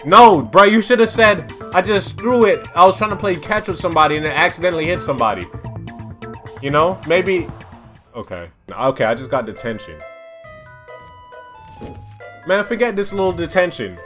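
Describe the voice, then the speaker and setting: A young man talks over his gameplay in a lively, bright voice that swings up into loud, exasperated outbursts. He is slangy and repeats his lines for effect, and soft music plays underneath him. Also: high voice, normal speed, pauses often. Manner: loud, animated, exasperated reactions to the game. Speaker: gaming YouTuber. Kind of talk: casual let's-play commentary.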